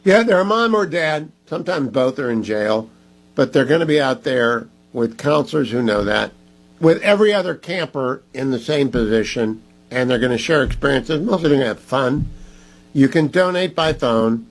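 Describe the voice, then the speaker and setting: Emphatic talk radio host, husky. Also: male voice, mid-range voice, lively intonation, normal speed, poor audio. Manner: emphatic, pleading for donations. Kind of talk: conservative talk radio monologue.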